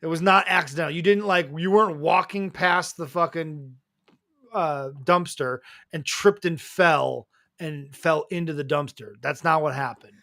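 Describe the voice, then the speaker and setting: A man with a bright, forceful, somewhat high voice chats as a co-host. He backs up his partner bluntly and emphatically and swears now and then. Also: unhurried. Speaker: podcast co-host. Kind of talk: casual chat.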